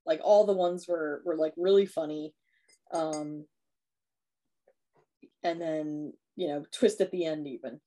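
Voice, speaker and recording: Speaking a little slowly with long pauses and a steady tone, a podcast co-host walks through a horror film's plot scene by scene in casual conversation. She's chatty, uses lots of fillers and performs the characters' lines, her voice slightly low with a dark, mellow quality.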